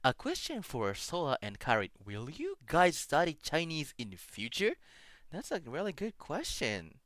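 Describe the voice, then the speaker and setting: An excitable man chatting casually as a stream guest, his pitch swooping all over as he talks. His tone is bright and forceful, and he stumbles through plenty of fillers. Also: normal speed, dry recording, studio quality. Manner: excitable, laughs loudly, many fillers. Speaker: guest Vtuber. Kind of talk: casual collab stream chat.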